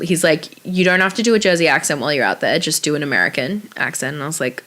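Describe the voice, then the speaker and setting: Chatty Australian-born young woman, lowish voice. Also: fast talker. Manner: chatty, animated storytelling with acted-out quotes and laughs. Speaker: actress, interview guest. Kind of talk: casual interview chat.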